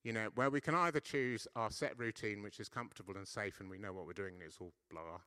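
Guy preaching, casual and jokey, lower voice, pretty bright tone. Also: fast talker, clean tone, dry recording, studio quality. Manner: conversational, self-deprecating, frequent "yeah?" checks. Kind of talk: sermon. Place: church.

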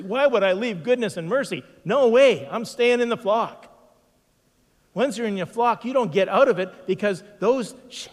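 A man preaching a sermon as pastor, emphatic, slowing down to stress repeated phrases. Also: sits high, big-room sound.

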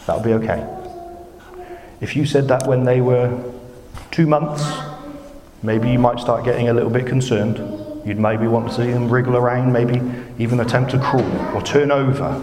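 A man's voice: medium pitch, moderate pace, pauses often, crowd noise. A man preaching a sermon, earnest and emphatic, pressing his points with rhetorical questions. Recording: echoey hall with long reverb.

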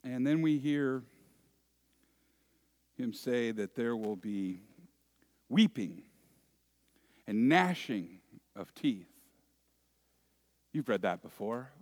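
A male pastor delivers a sermon at an unhurried, measured pace. His voice sits in an ordinary middle register, building to emphatic lifts on key lines and easing into softer explanatory asides. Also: medium pitch, expressive. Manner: deliberate, with rising emphatic phrases and quiet asides.

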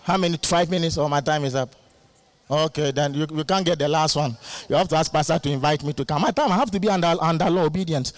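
A male guest preacher giving a lively sermon, laughing often and calling out to the congregation for responses. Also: on the high side, fast.

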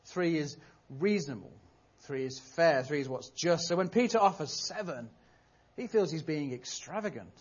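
Guy giving a jokey chatty sermon, husky voice, pitch a bit high, dull muffled sound. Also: expressive, moderate pace. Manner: humorous, conversational storytelling. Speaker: preacher. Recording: dull lo-fi recording.

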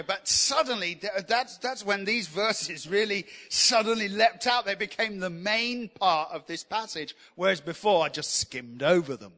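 This pastor's sermon is full of storytelling, delivered in a high, bright male voice. He's animated and funny, often poking fun at himself, while the church hall adds a long reverb.

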